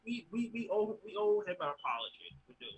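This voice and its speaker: A man co-hosting a podcast in casual chat, joking and animated, with halting restarts. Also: high voice, breathy edge, lo-fi sound. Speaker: podcast co-host.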